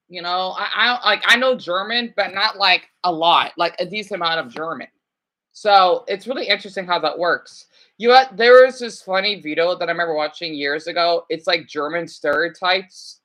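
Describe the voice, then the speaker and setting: Chatty woman livestreamer, bright voice. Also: mid-range voice. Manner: chatty, self-correcting, full of exclamations. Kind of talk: casual livestream chat.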